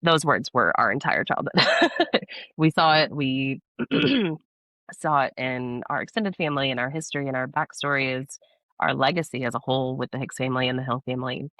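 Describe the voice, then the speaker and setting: A young woman from Texas, a podcast guest, earnestly telling a personal story in a casual interview, animated and laughing often. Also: very deep voice, moderate pace, dry recording.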